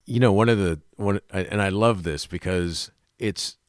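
A man's voice: deep voice, a little slow, clean tone, no echo. A man hosting an interview, chatty and enthusiastic as he asks questions. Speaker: interview host. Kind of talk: interview conversation.

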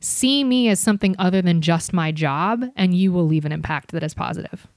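A woman telling bartending stories as a guest in a casual podcast chat, animated, with quick asides. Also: on the low side, no echo, clean studio sound. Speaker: podcast guest, bartender and comedy club server.

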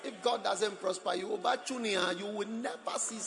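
A man preaching in a very high, bright voice with plenty of gravel in it. His delivery is animated and slow, swinging from low murmurs to shouted exhortation, and the sound rings with long reverb from a large hall. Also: noisy background. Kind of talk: sermon.

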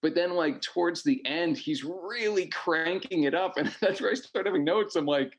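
A man's voice: on the high side, lively intonation, moderate pace, slightly rough. Rambling podcast guy recapping a movie. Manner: rambling, hedging with fillers. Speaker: podcast co-host. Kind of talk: casual movie review chat.

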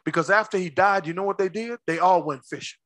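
Man preaching hard, really high bright voice, dry sound, calls out to the crowd then drops way down. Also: quick pace, no echo. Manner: impassioned preaching with call-and-response; swings between shouts and low asides. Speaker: pastor. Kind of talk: sermon.

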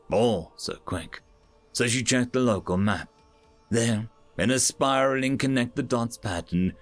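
Guy narrating a sci-fi story, really expressive up n down, dry mic, soft music under. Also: mid-range voice, no room sound. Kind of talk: scripted science fiction audiobook narration.

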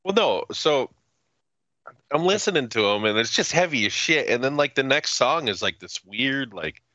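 Profane ranting man, bright dull recording. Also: mid-range voice, moderate pace, dry recording. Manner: profane, ranting, animated storytelling. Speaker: podcast co-host. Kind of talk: casual chat.

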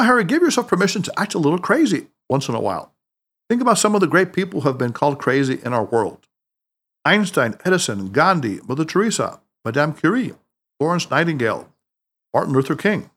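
A man reading the lines of a wise, playful male mentor in an audiobook, teasing and gently insistent. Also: fairly high pitch, slightly rough, heavily acted.

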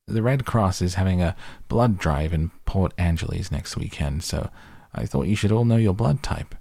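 A man voicing a middle-aged male biology teacher who speaks briskly to his class. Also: sits low, expressive, gravelly, dark tone, dry recording, studio quality, full character voice. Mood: businesslike.

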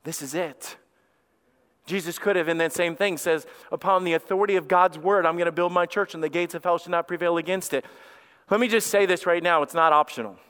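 Male pastor, sermon, high clear voice, reverberant church hall. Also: fairly even intonation, brisk. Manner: emphatic preaching, drops low and quiet to read scripture. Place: church sanctuary.

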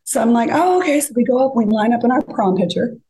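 A woman's voice: fairly high pitch, quick pace, crowd noise, rough recording. A woman casually telling a dating story as a podcast guest, acting out the lines of others. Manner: animated, acts out quoted lines.

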